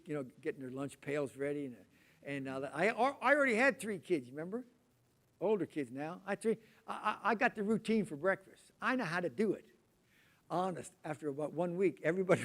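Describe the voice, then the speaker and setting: A middle-aged man preaching in a loose, conversational way, his voice sitting a little high for a man. He rambles and restarts, and he slips into little acted-out voices when he quotes people. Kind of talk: sermon. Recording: poor volume quality.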